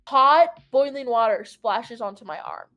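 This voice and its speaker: A woman's voice: a little high, animated, unhurried, fairly bright tone, highs cut off, soft background music. A young adult woman telling a long story in casual chat, rambling and peppered with "like". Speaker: host.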